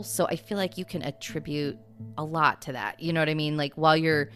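Brief: low-pitched woman podcast host, chatty storyteller who keeps looping in asides; faint music underneath. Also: brisk, fairly bright tone. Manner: rambling, full of "you know" and "like" asides. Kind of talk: casual storytelling chat.

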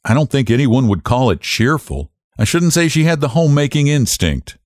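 A man's voice: medium pitch, sing-song, normal speed, a little mellow, dry recording, clean studio sound, voice pushed up, close to an everyday voice. A man voicing a smug, patronizing young county attorney in an audiobook. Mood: brisk.

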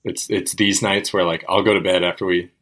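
A young man with a very low voice co-hosts a relaxed podcast. He rambles, circles back on himself and leans on filler words. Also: brisk. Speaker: podcast co-host. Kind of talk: casual podcast chat.

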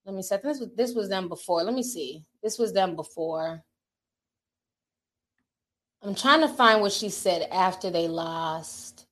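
A woman's voice: a little high, a bit bright. A woman giving candid, chatty commentary to camera, talking straight to her viewers and reading out comments. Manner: reads out social media comments. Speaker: entertainment commentator. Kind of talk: casual talk-to-camera commentary.

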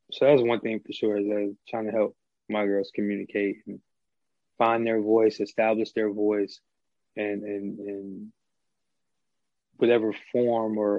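A man's voice: on the low side, creaky, dry recording, highs cut off. A middle-aged man talking through ideas in a casual conversation, with many fillers and restarts. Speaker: podcast guest.

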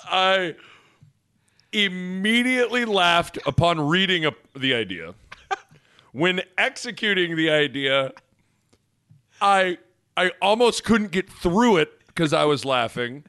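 A man co-hosting a sports podcast in casual chat, animated and self-mocking. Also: high voice, takes it slowly, pauses often, clear, resonant tone.

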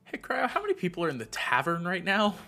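A man playing in a tabletop game, making dry, quick remarks to the game master. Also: high voice, huge pitch swings, vocal fry, sharp tone. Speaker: player. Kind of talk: casual tabletop game play.

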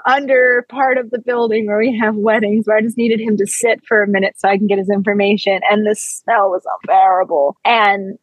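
A woman in her thirties, a podcast guest, tells a story in casual chat. She is animated, swears freely and laughs often. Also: medium pitch, brisk, few pauses, no echo, poor audio.

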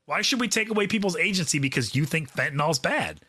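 A man's voice: a little high, animated, fast talker, a crowd in the background. A man co-hosting a podcast, arguing his point in casual banter and laughing often. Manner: laughing, argumentative. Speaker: podcast co-host.

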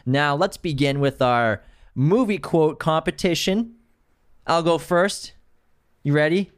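A man co-hosting a podcast in casual chat, relaxed and often laughing as he runs a movie quiz. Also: a little high, takes it slowly, smooth, dry recording, studio quality. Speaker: podcast co-host.

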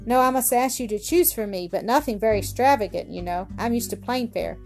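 Woman reading as a frail little old guy in a storybook, quiet and slow-ish, kinda high voice, faint music behind. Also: natural voice. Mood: gentle. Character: frail, thrifty little old man with a shrill voice.

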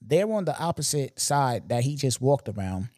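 This casual storytelling monologue comes from a young podcast host who talks at a moderate pace in a middle-range voice. His retelling is lively, slangy and emphatic, full of side comments to listeners. No room sound colors the dry recording.

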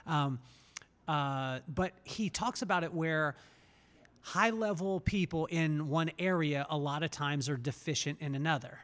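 Animated male podcast host, reverberant room. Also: on the high side, measured pace. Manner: animated storyteller, acts out voices in retellings. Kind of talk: conversational interview.

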